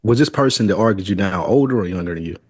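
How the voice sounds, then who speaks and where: A man's voice: fairly low pitch, expressive, very fast, slightly rough, no echo, clean studio sound. A man co-hosting a casual podcast, leading the topics in a laid-back way and laughing easily. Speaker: podcast co-host. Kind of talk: casual chat.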